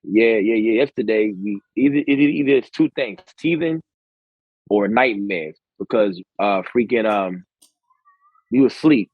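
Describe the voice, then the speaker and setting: A man's voice: on the low side, a little slow, breathy edge. A man co-hosting a podcast, telling stories in loose casual chat with plenty of swearing. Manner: loose storytelling with frequent swearing. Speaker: podcast co-host. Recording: dull lo-fi podcast audio.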